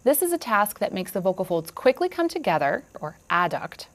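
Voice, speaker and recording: A woman narrating a demonstration of a throat examination in a clear, measured, instructional way. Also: medium pitch, sing-song, a little hiss or hum. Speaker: speech scientist demonstrating endoscopy. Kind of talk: explanatory narration.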